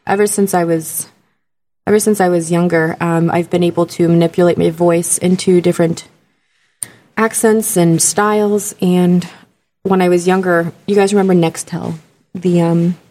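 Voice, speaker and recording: Casting note: playful, animated woman, slightly low voice, chatting as a podcast guest. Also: normal speed. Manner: animated, playful, laughs often, slips into imitated voices. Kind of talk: casual podcast chat.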